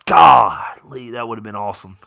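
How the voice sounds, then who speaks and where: Speaking at a moderate pace with vocal fry, this young man comments casually and live on a game as a fan. He grumbles low, then erupts into excited shouts on big plays.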